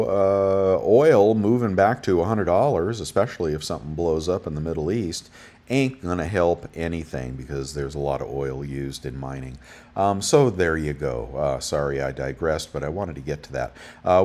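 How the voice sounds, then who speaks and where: A man hosting a bullion deals show, giving casual, rambling market commentary full of fillers as he reads off prices. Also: rumbling low.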